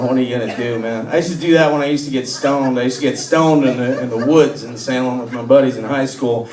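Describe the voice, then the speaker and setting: Raunchy man doing stand-up. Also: medium pitch. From Massachusetts, US. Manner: rambling, raunchy storytelling. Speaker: stand-up comedian. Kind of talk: stand-up comedy. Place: comedy club. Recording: echoey club, distant mic, laughing crowd.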